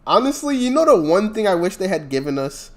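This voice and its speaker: Male podcast co-host, slightly higher voice, very lively pitch, casual and laughing. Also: a little fast. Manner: animated, laughs often, trails off mid-thought. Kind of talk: casual gaming podcast chat.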